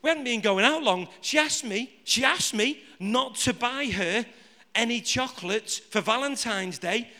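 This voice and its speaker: A man's voice: very high voice, animated, unhurried, pushed and bright. A man preaching a live sermon to a congregation. He jokes with the room and keeps asking it rhetorical questions. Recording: reverberant hall.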